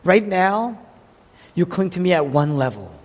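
A man preaching a sermon, delivering it in an animated way and voicing the people he quotes. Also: high voice, a little slow. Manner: animated preaching, quotes figures in voiced asides. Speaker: pastor. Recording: long hall reverb.

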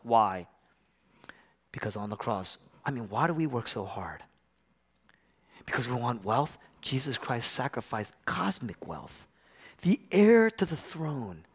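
A male pastor preaching a sermon, swinging from hushed, whispered lines up to loud, impassioned climaxes. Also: mid-range voice, husky. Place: church.

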